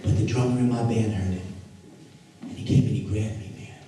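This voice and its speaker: A man who is a Catholic priest, giving a slangy, animated street-style talk full of stories. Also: on the low side, fairly quick. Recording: echoey hall, mic far off, noisy.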